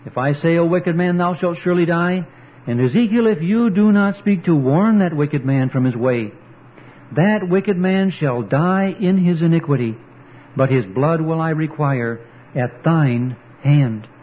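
A man's voice: fairly high pitch, lively intonation, a little slow. A man preaching an earnest, emphatic sermon, quoting scripture as he goes. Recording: dull lo-fi recording.

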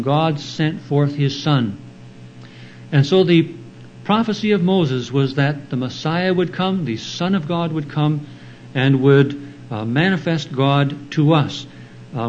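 A man preaching an expository sermon, explaining Bible verses in a slow, deliberate teaching manner. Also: on the high side, a little mellow, muffled recording, a little hiss or hum. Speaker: pastor.

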